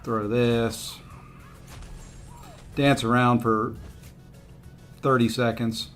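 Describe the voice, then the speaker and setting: A man's voice: medium pitch, level tone, drawn-out words, fairly bright tone, faint music behind. A man streaming a mobile fighting game, talking to himself and his chat in a rueful, easygoing way. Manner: rueful, self-talking, coaxing the opponent. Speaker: gaming streamer. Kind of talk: casual gameplay commentary.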